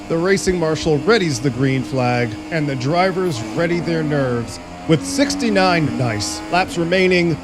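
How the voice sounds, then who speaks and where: A man doing sim racing play-by-play commentary with jokey, sarcastic asides. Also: fairly high pitch. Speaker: race commentator. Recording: loud race engine noise. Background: race car engine noise.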